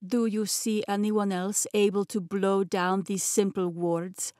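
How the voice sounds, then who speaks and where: Brief: woman doing a scheming Russian-accented schemer, slow, smooth, coaxing, dry booth sound. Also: mid-range voice, flat delivery, darkish tone, no room sound, close to an everyday voice. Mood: persuasive. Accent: Russian (put on). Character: scheming male Rasputin with thick Russian accent. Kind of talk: audiobook character voice.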